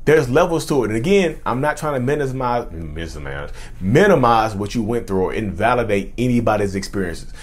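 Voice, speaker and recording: A man's voice: medium pitch, lively intonation, a little fast, slightly rough. A man giving casual talk-to-camera commentary on mental health, speaking straight to his viewers and often repeating and restarting his phrases.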